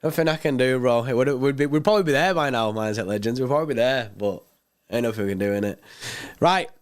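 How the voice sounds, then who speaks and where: A man's voice: medium pitch, quick pace, smooth. A man hosting a fan channel's livestream in casual chat, laid-back and chatty, reading out viewer comments.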